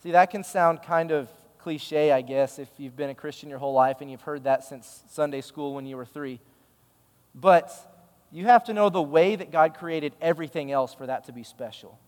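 Male pastor, conversational sermon, emphatic storytelling, slightly high voice, reverberant church hall. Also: moderate pace, darkish tone.

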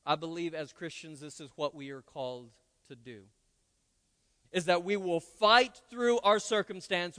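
A male pastor with a notably high voice delivers a conversational sermon full of playful asides. The sound carries a long reverb from the church sanctuary. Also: bright, forceful tone.

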